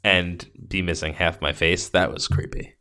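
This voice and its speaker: A man co-hosting a podcast in casual movie chat, excitable and often trailing off. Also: deep voice, normal speed. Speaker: podcast co-host.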